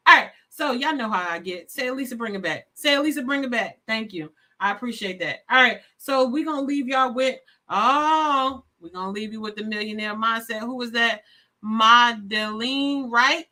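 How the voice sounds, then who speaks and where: A woman hosting a live stream, speaking warmly and effusively straight to her viewers, a little sleepy. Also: on the high side, normal speed. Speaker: live show host. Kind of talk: casual live-stream sign-off.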